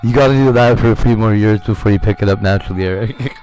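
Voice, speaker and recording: A man's voice: mid-range voice, darkish tone. A man chatting casually on a livestream, rambling and candid, swearing freely. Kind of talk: casual chat.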